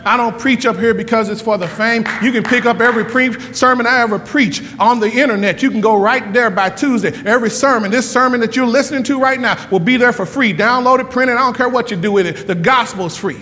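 Pastor, male, high bright voice, fervent sermon with rapid-fire repeated questions, echoey church hall.

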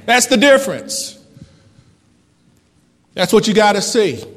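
A man preaching a fervent sermon as pastor, with dramatic pauses and big swings between loud and soft. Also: high-pitched. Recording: long hall reverb.

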